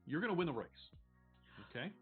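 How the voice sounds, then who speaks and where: A male game master with a fairly high voice narrates a tabletop game in a loose, rambling, profane way. His voice comes through thin and tinny, like a phone line, with faint music behind it. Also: very animated, fast. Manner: casual, rambling, swears freely.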